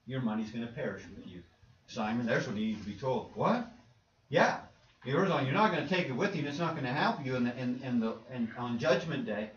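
A man preaching an earnest, plain-spoken sermon to his congregation in a church, calling them "folks". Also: medium pitch. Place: church sanctuary. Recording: roomy, distant, muffled church recording.

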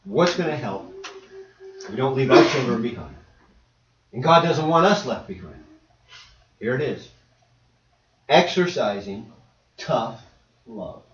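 A male preacher giving a lively sermon and acting out little scenes and voices. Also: mid-range voice, takes it slowly, long pauses. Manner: animated, acts out voices and dialogue. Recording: echoey hall, distant dull mic.

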